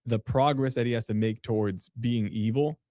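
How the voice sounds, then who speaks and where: A man's voice: medium pitch, fairly even intonation, mellow, no room sound, studio quality. A man co-hosting a podcast in casual chat, joking and speculative. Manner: joking, speculative, quick to laugh. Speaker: podcast co-host.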